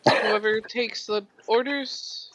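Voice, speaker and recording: A woman's voice: fairly high pitch, fairly even intonation, takes it slowly, noisy background. A woman doing a fussy, stammering man. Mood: insistent. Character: fussy polite man insisting on sitting.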